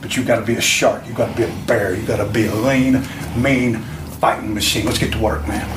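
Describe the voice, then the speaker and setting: A man's voice: on the low side, fairly even intonation, a little fast. A man, a veteran wrestler giving a rambling, emphatic pep talk to a younger wrestler. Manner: rambling, emphatic, repeats himself. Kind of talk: motivational pep talk from a promo video. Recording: echoey, distant, noisy room.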